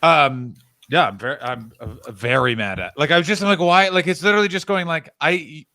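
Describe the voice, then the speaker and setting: A man's voice: a little high, sharp tone, no room sound. A man co-hosting a casual live stream, tired, teasing his friend and ranting in bursts. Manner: ranting, teasing, quick jokes. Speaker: podcast co-host.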